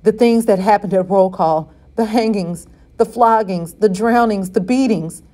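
A woman voicing a traumatized, frightened father who speaks in a shaken, halting way. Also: mid-range voice, warm tone, close to an everyday voice.

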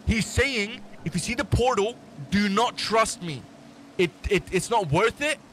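A man with a high, light voice talks in a loose, excitable way, joking with a friend as he plays a game. The sound is noisy gameplay audio with clear noise underneath. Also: a little slow. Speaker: gaming channel host. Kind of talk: casual let's play chat.

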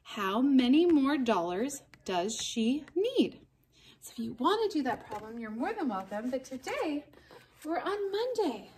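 A woman teacher giving a playful recorded math lesson to young children, talking gently and laughing at herself. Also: sits high, sing-song, a little slow, a little hiss or hum. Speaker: elementary school teacher.

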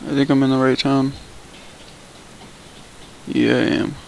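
A man's voice: mid-range voice, little pitch movement, measured pace, creaky, darkish tone, a little hiss or hum, rough recording. A young man chatting loosely and swearing while he narrates his gameplay for viewers. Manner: loose, swearing, thinking aloud. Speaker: gameplay video creator. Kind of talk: casual gameplay commentary.

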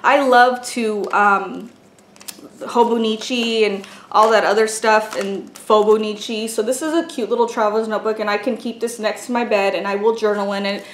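A woman's voice: medium pitch, steady tone, moderate pace. A woman chatting casually as she unboxes gifts for a vlog, gushing and exclaiming over each item. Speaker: beauty and craft vlogger. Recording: echoey room with faint noise.

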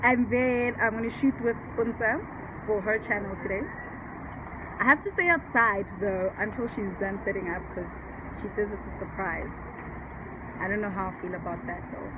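A woman's voice: medium pitch, moderate pace. A woman from South Africa talking casually to camera in a vlog, chatty and upbeat, a little stuffy from a cold. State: nose blocked with flu. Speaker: vlogger. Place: outdoors on a sunny cold day. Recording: outdoor noise behind.

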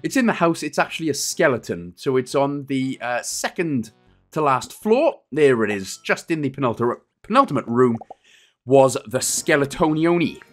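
A man in his thirties narrating a game walkthrough in a casual, rambling, joking way, his voice going a little hoarse. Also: mid-range voice, expressive, moderate pace, fairly bright tone, soft background music. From Wales. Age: 30s. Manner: jokey, rambling, self-deprecating asides. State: losing his voice a bit. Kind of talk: casual gameplay walkthrough commentary.

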